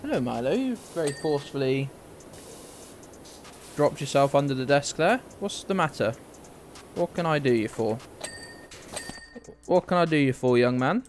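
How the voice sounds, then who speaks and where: Man, game streamer, casual rambling chat, mid-pitched voice, faint music behind. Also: lively intonation, normal speed, long pauses. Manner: rambling, sweary, chatting to viewers.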